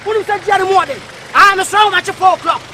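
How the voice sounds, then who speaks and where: A man in a street comedy skit, bantering rapidly and switching between English and Twi. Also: extremely high pitch. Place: busy street, outdoors. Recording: noisy street with crowd chatter.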